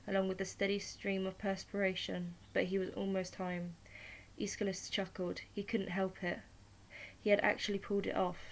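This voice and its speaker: A woman reading a short story aloud as narrator, at a steady, unhurried pace. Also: medium pitch, low-quality recording.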